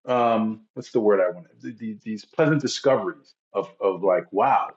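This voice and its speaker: A man, an actor guest in an interview, speaking haltingly and repeating words as he hunts for what to say. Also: lowish voice, reverberant, lo-fi sound. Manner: halting, repeats words while searching for them. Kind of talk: casual interview chat.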